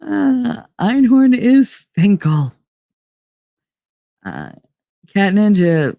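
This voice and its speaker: Stream host, lively swinging pitch, dry close sound, sarcastic chat. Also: slow, vocal fry, long pauses, dry recording. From United Kingdom. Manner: animated, chatty, sarcastic asides. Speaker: livestream podcast host. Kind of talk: casual chat reading live comments.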